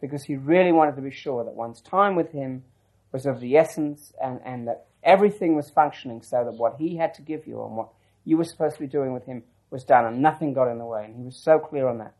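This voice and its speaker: This man talks fairly quickly with few pauses, his mid-range voice carrying a darkish tone through a low-quality recording. In his oral history interview he rambles reflectively through a long personal story, restarting often and making asides.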